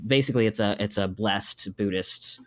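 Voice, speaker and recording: Man, podcast guest, animated, emotional, lowish voice. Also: normal speed. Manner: animated, emotional retelling with acted quotes. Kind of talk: casual podcast discussion.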